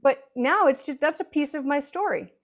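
A woman's voice: high voice, moderate pace. A woman author as an interview guest, explaining earnestly and now and then acting out quoted voices. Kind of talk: conversational interview.

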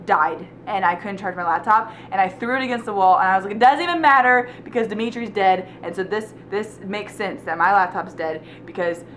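A woman's voice: medium pitch, fairly quick, few pauses, a bit bright, a little hiss or hum. A young woman giving an emotional, rambling book review from home, gushing and often trailing off mid-thought. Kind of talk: casual video review. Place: at home indoors.

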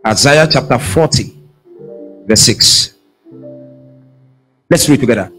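A man preaching a sermon as pastor, calling out questions for the congregation to answer and shouting at the peaks. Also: medium pitch, animated, slow, soft background music.

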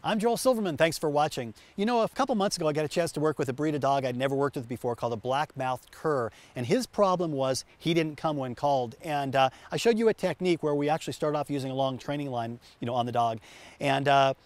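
A man's voice: on the high side, quick pace, dry recording. A man hosting a dog training show, explaining methods in an upbeat, chatty way with many fillers and restarts. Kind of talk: instructional TV show.

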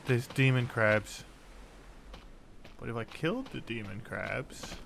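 A man's voice: mid-range voice, wildly swooping pitch, slow pace, creaky, long pauses, a little hiss or hum. Jumpy man doing let's-play commentary. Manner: jumpy, exclaims often at scares. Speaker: gaming channel host.

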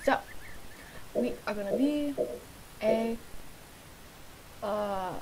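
Young woman gamer, higher voice, blunt and swearing, live commentary over noisy game audio. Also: extremely slow. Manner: excitable, swears a lot, talks to the game. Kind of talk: casual gameplay commentary.

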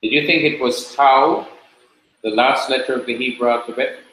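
A man teaching a class, explaining slowly and patiently and repeating key points. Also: mid-range voice, sharp tone, a little hiss or hum. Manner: slow, patient explaining with repetition. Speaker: preaching school teacher. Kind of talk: classroom lecture. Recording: very echoey classroom.

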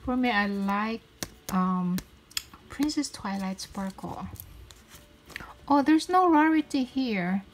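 With long pauses and a slow, expressive delivery, a young woman at medium pitch hosts a casual toy unboxing, giggling and exclaiming cheerfully. Behind her the background is noisy, and packaging crinkles and clicks constantly.

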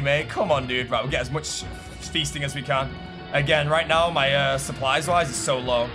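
A man giving live gameplay commentary, excitable, going from low muttering to loud shouts. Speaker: gamer.

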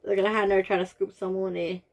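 A woman's voice: medium pitch, flat delivery, a little fast, vocal fry, a little mellow, a little hiss or hum. A woman doing a casual taste-test vlog, groaning and reacting dramatically as she talks straight to her viewers. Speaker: vlogger.

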